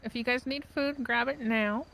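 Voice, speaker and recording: Give me a brisk woman hosting in a role-play, giving directions in a higher voice. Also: steady tone, creaky, over a noisy crowd, poor audio. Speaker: show host character in role-play.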